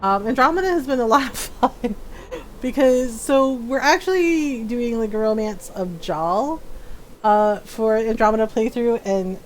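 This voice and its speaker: A woman streamer chatting casually with viewers, laughing often and acting out quotes in a lively retelling. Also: fairly high pitch, unhurried, slight background noise. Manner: giggly, animated retelling with acted-out quotes.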